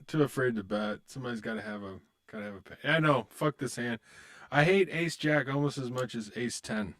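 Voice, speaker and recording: A man's voice: mid-range voice, fairly quick, fairly bright tone. A man streaming online poker, muttering about his hands and chatting with viewers in a loose, joking way. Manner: muttering to himself, swearing, then chatting upbeat with viewers. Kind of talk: casual live-stream commentary.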